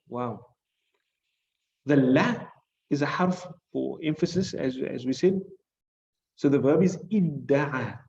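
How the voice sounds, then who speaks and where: A man's voice: medium pitch, darkish tone, dull audio. A man with a South African accent teaching a classroom lesson on hadith and Arabic grammar. He explains patiently, repeats the key points and keeps checking understanding with "right?". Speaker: Islamic studies teacher.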